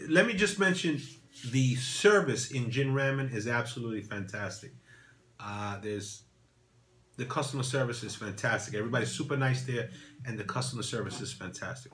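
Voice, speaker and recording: Bright-voiced man telling a rambling story. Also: slight background noise. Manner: rambling, repeats phrases, says "boom" and "right?". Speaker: watch vlogger. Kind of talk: casual storytelling.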